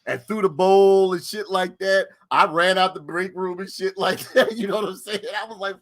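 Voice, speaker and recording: A middle-aged man telling stories in casual chat. He is animated, swears freely and repeats his lines for effect. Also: high voice, normal speed, few pauses. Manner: animated, profane, repeats himself. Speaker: storyteller.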